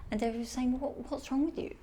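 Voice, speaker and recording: A middle-aged woman, a model appearing as a guest on a podcast, tells her life story with lively energy, acting out the things people said to her. Her voice sits high and she speaks quickly.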